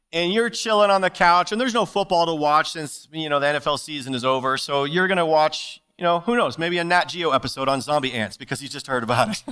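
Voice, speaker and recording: A man preaching a sermon as pastor, animated and playful, slipping jokes and asides between scripture readings. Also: a little high, clean tone. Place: church service.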